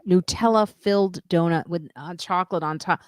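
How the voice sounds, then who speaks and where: A woman's voice: on the low side, moderate pace, no echo, clean studio sound. A woman hosting a podcast in casual chat, telling stories animatedly with frequent laughs. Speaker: podcast host.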